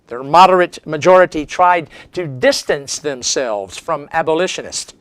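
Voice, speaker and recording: A man's voice: high-pitched, fairly bright tone, clean tone, no room sound. A man giving a history lecture as a seminar speaker, telling it as a dramatic story with strong emphasis.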